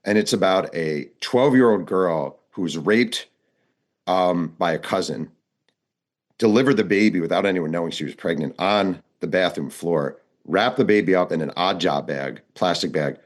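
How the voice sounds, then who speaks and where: A man with a very low voice spins out a reporting story as an interview guest. He narrates vividly and slips into the voices of the people he quotes, keeping the story moving. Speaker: author and guest.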